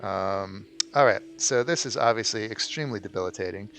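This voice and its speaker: A man's voice: on the low side, brisk, vocal fry, fairly bright tone, a little hiss or hum. A man hosting a let's play, giving casual gameplay commentary in a rambling way with frequent ums. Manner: rambling, many ums and restarts.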